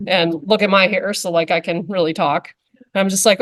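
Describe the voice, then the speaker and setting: A woman's voice: fairly low pitch, steady tone, brisk. Chatty woman officer telling a story. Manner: chatty, with frequent fillers like "um" and "like". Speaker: conservation officer giving a talk. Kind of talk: casual anecdotal storytelling to a club audience.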